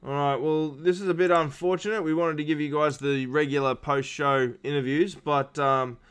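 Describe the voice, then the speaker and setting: A man's voice: on the high side, steady tone, moderate pace, fairly bright tone, smooth. A man hosting post-race interviews on a live stream, rambling with lots of fillers and restarts. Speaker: stream host.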